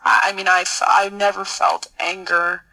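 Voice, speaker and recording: A middle-aged woman guest telling a personal story in an interview, earnest and halting, often repeating words as she searches for them. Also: mid-range voice, flat delivery, vocal fry, pushed and bright, poor audio. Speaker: podcast guest, military officer.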